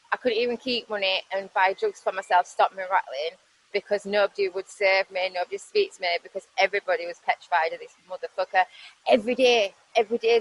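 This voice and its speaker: Blunt, halting Yorkshire woman. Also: mid-range voice, fairly bright tone, rough recording. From West Yorkshire, England. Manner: halting, many fillers and restarts, blunt swearing. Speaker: storyteller recounting her life. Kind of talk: candid personal testimony.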